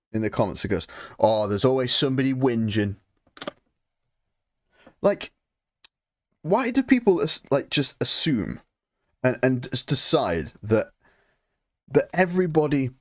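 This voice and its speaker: A man's voice: medium pitch, darkish tone, no echo, clean studio sound. A young British man hosting a live painting stream, chatting in a rambling, swearing, good-humoured grumbling way. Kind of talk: casual live stream chat.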